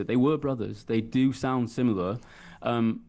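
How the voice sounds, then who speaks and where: A man's voice: medium pitch, normal speed, a little mellow. A man, a comedian and impressionist guest, chatting casually in a self-deprecating way. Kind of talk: casual chat.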